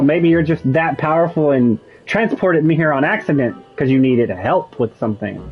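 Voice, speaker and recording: A young man casually commenting while playing a video game, making wry jokes and musing aloud. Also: a little high. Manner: wry, joking asides, muses aloud. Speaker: gamer. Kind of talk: let's play commentary. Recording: slightly muffled with faint game music.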